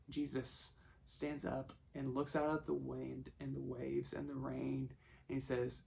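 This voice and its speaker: A man preaching a sermon, telling the story and acting out the voices he quotes, moving between hushed and loud passages. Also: medium pitch, monotone, measured pace, vocal fry.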